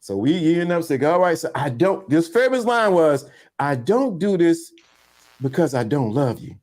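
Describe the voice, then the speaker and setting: A podcast co-host with a higher-pitched voice talks at normal speed in a casual storytelling chat. He's an animated storyteller, acting out the voices of the people in his stories.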